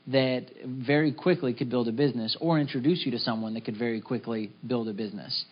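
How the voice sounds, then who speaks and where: Middle-aged male team leader, easygoing and upbeat, mid-range voice on a muffled recording. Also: mid-range voice. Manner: casual, upbeat, acts out little dialogues. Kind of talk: motivational talk. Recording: slightly dull lo-fi recording.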